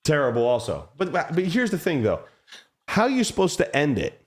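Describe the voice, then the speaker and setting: A man hosting a casual chat, telling excitable stories and swearing a lot. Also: fairly high pitch, moderate pace. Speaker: host.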